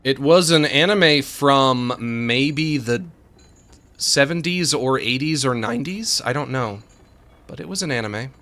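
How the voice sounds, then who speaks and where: A man in the middle of his pitch range chats loosely through a co-op game. He jokes around and talks to his partner as he plays. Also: lively intonation, unhurried, bright, forceful tone. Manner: joking, talks to his co-op partner while playing. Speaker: game streamer. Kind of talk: casual let's-play chatter.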